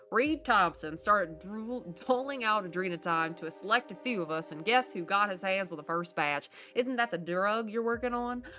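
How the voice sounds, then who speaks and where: A woman's voice: medium pitch, bright, forceful tone, close to an everyday voice. A woman reading aloud as a chatty man writing letters to his cousin, getting more desperate. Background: game music.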